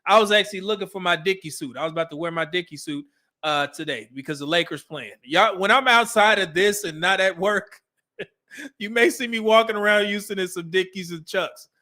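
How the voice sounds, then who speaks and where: A man's voice: sits high, a little fast, pushed and bright. A middle-aged man from California, hosting a casual commentary stream and giving blunt, profane advice. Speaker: host.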